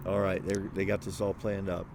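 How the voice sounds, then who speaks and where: A man's voice: low voice, little pitch movement, brisk, vocal fry, a little mellow, a little hiss or hum. An older man telling a story in a casual, rambling way, full of fillers and restarts, recorded outdoors in a parking lot. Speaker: vlogger.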